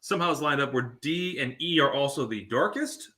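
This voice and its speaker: A man's voice: mid-range voice, fairly quick. A man co-hosting a live whiskey tasting, talking in casual, joking banter. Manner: joking, animated and talkative.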